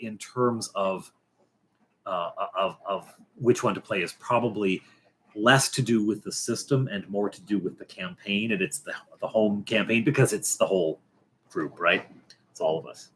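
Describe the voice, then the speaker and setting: A middle-aged man with a fairly low voice, hosting a relaxed late-night livestream. He rambles and hesitates, restarting sentences and filling pauses, and slips in dry, wry jokes along the way. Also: slight background noise. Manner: rambling and halting, many fillers and restarts; wry, joking asides. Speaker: livestream host.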